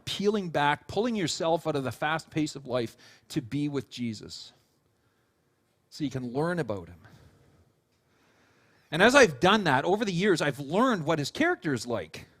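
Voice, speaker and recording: A male pastor preaching a sermon in an animated storytelling way, with casual fillers and restarts. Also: mid-range voice. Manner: animated storytelling, acting out quotes.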